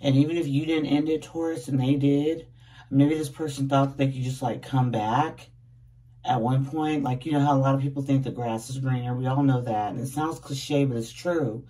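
A woman's voice: very deep voice, steady tone, normal speed, warm tone, far from the mic. A woman tarot reader chatting casually to her viewers in a groggy, just-woken voice, laughing often and calling them babies. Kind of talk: casual tarot reading to camera.

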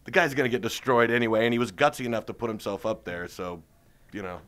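A man's voice: medium pitch, fast talker, a bit bright. A man being interviewed as a stand-up comedian, telling rambling jokey stories in casual chat. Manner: joking, rambling storyteller.

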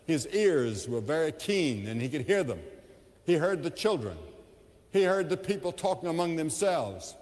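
A man evangelist preaching a sermon, telling the story with impassioned rises and hushed drops, recorded in a large evening crusade venue with long reverb. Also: a little high, sing-song, moderate pace.

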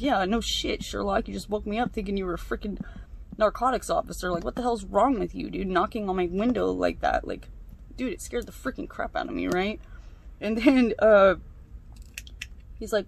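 A young woman talks casually as she works on a craft, venting at length and swearing without a second thought. Her voice carries a gravelly fry. A faint hiss sits under the recording. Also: medium pitch, expressive, moderate pace. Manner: ranting, swears freely. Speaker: craft vlogger. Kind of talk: casual chat while crafting.

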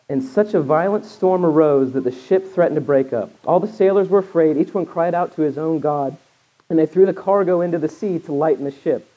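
A man's voice: fairly high pitch, warm tone, highs cut off. A man preaching a sermon in a conversational way, asking questions and acting out the voices of the story. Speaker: pastor.

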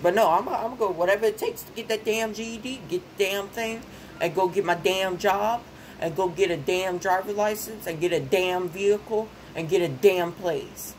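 A woman's voice: medium pitch, moderate pace, slight background noise, rough recording. A young woman, venting in a casual vlog. She rants, repeats phrases and gets herself worked up. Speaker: vlogger.

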